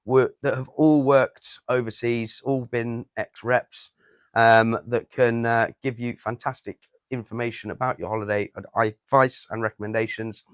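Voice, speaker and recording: A man's voice: medium pitch, fairly even intonation, moderate pace, smooth, no room sound. Chatty man co-hosting a chat show. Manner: chatty, plugs a travel business. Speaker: podcast co-host. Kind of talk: casual chat.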